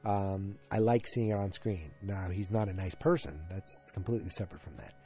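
Rambling low-voiced man, mellow tone. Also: moderate pace, faint music behind. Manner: rambling, frequent ums and restarts. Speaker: TV episode reviewer. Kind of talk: casual solo recap.

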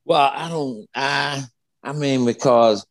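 A man's voice: mid-range voice, slow. A man in his fifties, a former basketball player, telling a heated story as a guest, swearing freely and repeating himself. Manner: profane, heated, repetitive storytelling. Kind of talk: casual storytelling interview.

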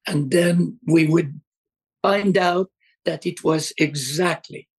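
Husky-voiced older man, slow and halting. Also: fairly high pitch, steady tone. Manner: hesitant, halting, emotional. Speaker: fashion designer, guest. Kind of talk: casual interview chat.

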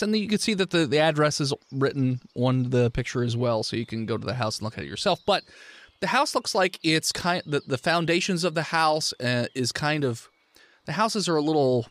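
A man's voice: on the high side, normal speed, a bit bright, no echo. A man running a tabletop game, explaining the setup in a loose, rambling way. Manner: loose, rambling, with restarts and laughs. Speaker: game master. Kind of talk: narrating a tabletop game, casual chat.

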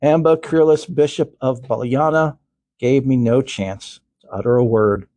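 A man's voice: mid-range voice, moderate pace, warm tone. An older male podcast host reading a story aloud, with earnest, chatty asides.

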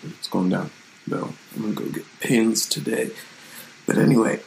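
A man's voice: lowish voice, normal speed, vocal fry, slight background noise, low-quality recording. A man hosting his own channel, talking in a loose, rambling and reflective way in a casual live-streamed vlog from his room at home.

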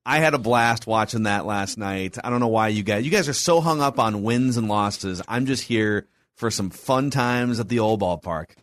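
A man's voice: lowish voice, moderate pace, few pauses, no echo. A man co-hosting a sports talk show, bantering in an easygoing, playful way. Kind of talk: casual sports radio banter.

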